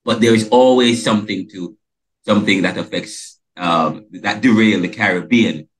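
A man's voice: fairly low pitch, normal speed. A man hosting a podcast interview, who talks emphatically and stumbles and restarts his words. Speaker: podcast host.

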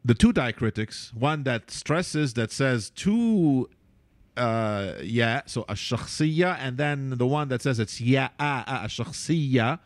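Playful man teaching, very lively pitch. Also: slow pace, dry recording. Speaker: Arabic calligraphy teacher. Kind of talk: relaxed teaching with asides.

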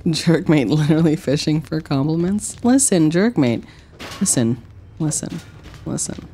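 A woman streamer commenting on her game and talking to her chat, sarcastic and playful, swinging from drowsy mumbling to excited shrieks. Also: sits low, unhurried, slight background noise.

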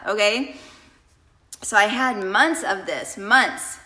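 A woman's voice: mid-range voice, measured pace, pushed and bright, echoey room. A woman coach talking casually and emotionally to her viewers in a confessional vlog, addressing them directly. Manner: chatty, emotional, addresses viewers as "you guys". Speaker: coach and vlogger.

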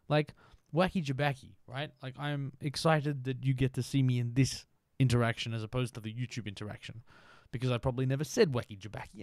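An adult man chatting excitedly to viewers as he wraps up a live game stream, peppering his talk with "like". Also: medium pitch, no room sound, studio quality. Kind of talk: live-stream casual chat.

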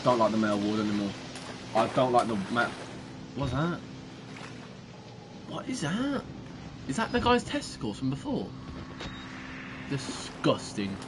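A man's voice: mid-range voice, very animated, unhurried, pauses often, noisy background. A young British man commentating a horror game, swearing a lot and jumping at scares. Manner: jumpy, swearing, crude jokes. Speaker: gaming streamer.

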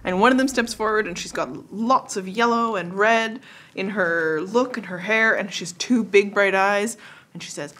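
A woman narrating a tabletop game as game master in a casual, animated storytelling manner. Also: mid-range voice, moderate pace.

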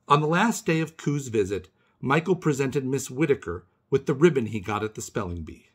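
A man's voice: mid-range voice, expressive, normal speed, breathy edge. A man reading a picture book aloud for a kindergarten class, expressively, pointing out the pictures. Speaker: storybook reader for kindergarten. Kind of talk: children's read-aloud narration.

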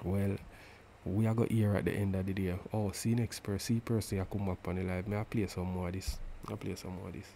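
Man streaming, gravelly and husky, dark tone; talks in a broken, patois-tinged English, mocking. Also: sits low, little pitch movement, fairly quick, slight background noise. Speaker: live stream commentator. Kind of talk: mocking live commentary.

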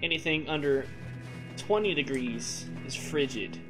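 A young man livestreaming a game, chatting to viewers in a joking, rambling way with sudden loud whoops. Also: a little high, unhurried, over music. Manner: joking, rambling, animated outbursts. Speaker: game streamer. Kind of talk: casual live-stream chat while gaming. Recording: steady background noise.

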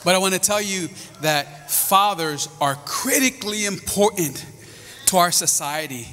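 A man in his fifties, a pastor preaching a sermon to his congregation with lively storytelling. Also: high-pitched, measured pace, background noise. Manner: animated preaching with storytelling asides. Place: church sanctuary. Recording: reverberant church hall.

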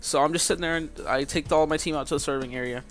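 A man's voice: on the high side, steady tone, racing, faint music behind. A young man casually telling a story about his job, rambling and filling with "like". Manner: rambling, heavy use of filler "like". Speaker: vlogger.

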